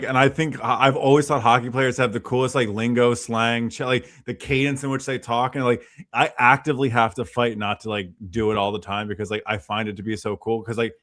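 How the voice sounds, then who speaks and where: A man's voice: mid-range voice, fairly bright tone. Enthusiastic laughing man on a live stream. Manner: enthusiastic, laughs often, says dude. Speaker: host. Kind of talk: casual live-stream chat.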